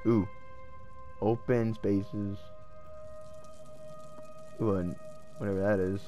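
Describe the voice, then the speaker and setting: A man giving casual gameplay commentary, excitable and swearing as he talks to himself. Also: on the low side, slow, long pauses, faint music behind. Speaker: let's play gamer.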